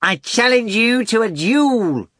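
A man voicing a mischievous, grandiose talking black tomcat in a storybook reading, with pompous, drawn-out speech. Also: sits high, lively intonation, fairly bright tone, dry recording, clean studio sound, voice pushed up, exaggerated voice.

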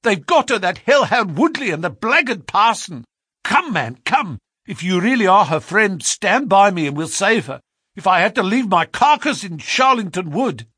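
A man's voice: high voice, sing-song, normal speed, breathy edge, no echo, clean studio sound, voice pushed up, heavily acted. A man reading aloud, voicing a frantic bearded young man in desperate urgency. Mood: frantic despair. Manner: shouting, pleading, breathless urgency.

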